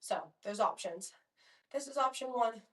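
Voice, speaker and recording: A woman's voice: fairly high pitch, expressive, unhurried, recorded from a distance. A young woman leading a home pilates workout, counting reps and cheering people on between breaths. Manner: encouraging, counting reps, chatty asides. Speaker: pilates instructor. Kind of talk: guided workout instruction. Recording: echoey room, voice off-mic.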